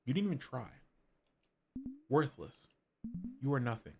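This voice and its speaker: A man's voice: medium pitch, sing-song, a little slow, gravelly, background noise. A man voicing a cruel, contemptuous inner voice of depression in a video game, over game music.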